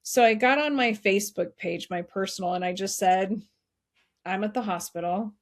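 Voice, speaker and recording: A middle-aged woman speaks as a podcast guest, recounting a hard family story. She is earnest and heartfelt and often restarts her sentences. Her voice sits in an ordinary middle pitch. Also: moderate pace. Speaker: podcast guest, nonprofit founder. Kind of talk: emotional personal storytelling.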